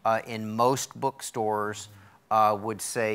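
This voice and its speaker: Male host, bright and clear voice, rephrases the guest's points in a TV studio. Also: mid-range voice, unhurried. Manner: rephrases and sums up for viewers. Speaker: talk show host. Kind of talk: interviewing a guest.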